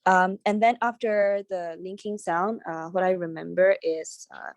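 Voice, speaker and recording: A woman's voice: lowish voice, fairly even intonation, a little slow. A woman in a casual study-group discussion, speaking hesitantly with many fillers as she recalls points from memory. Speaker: teacher trainee in a study group.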